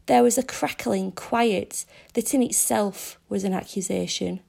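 A woman narrating a story aloud in a measured, descriptive reading. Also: mid-range voice, vocal fry, a little mellow.

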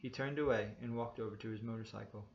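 A man narrating a first-person story in a steady, plain manner. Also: fairly low pitch, quick pace, slight background noise. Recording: slightly dull lo-fi recording.

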